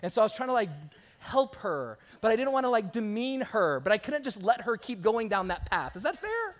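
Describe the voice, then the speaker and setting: High-voiced pastor preaching animatedly. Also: male voice, fairly quick. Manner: animated storytelling, acting out quoted voices. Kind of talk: sermon. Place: church sanctuary.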